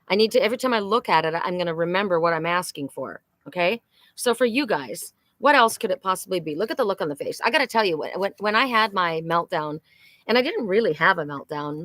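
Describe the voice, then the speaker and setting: A woman's voice: on the low side, a bit bright, no echo. A middle-aged woman hosting a psychic live stream, talking candidly and emotionally, often repeating herself and swearing.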